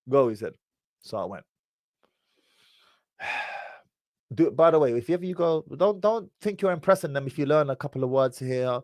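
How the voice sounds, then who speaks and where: A British man talks through a casual livestream, drifting from story to story with plenty of street slang. He sits at an ordinary middle pitch. His voice comes across close and dry, with no room sound. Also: lively intonation, normal speed, pauses often, no room sound. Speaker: livestream host.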